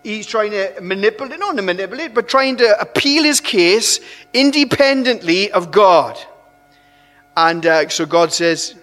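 High-voiced male preacher in a hall. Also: moderate pace. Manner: animated, conversational, restarts phrases. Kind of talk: sermon. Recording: long hall reverb.

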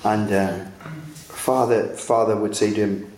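A man's voice: lowish voice, fairly even intonation, measured pace, a little mellow, reverberant, slight background noise. A male pastor preaching a sermon earnestly, with frequent restarts and rising emphatic peaks.

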